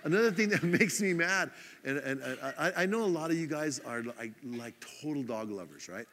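A man from the United States preaching a sermon in a casual, self-mocking way, acting out his own irritation in quick asides. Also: on the high side, animated, fairly bright tone, long reverb tail, a little hiss or hum. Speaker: pastor.

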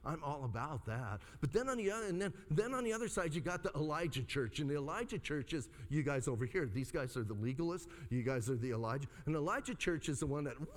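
A man preaching a sermon in a casual, animated style, his fairly high voice leaping up and dropping low with expressive swings. His words ring out with a long reverb, as if he were in a large hall. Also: fast talker, few pauses. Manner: animated, conversational preaching with dramatic pitch swings. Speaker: pastor.

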